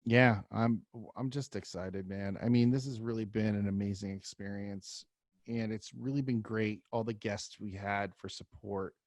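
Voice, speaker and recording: A man's voice: on the low side, steady tone, moderate pace, no room sound. Rambling casual male podcast host. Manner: loose, rambling, lots of fillers.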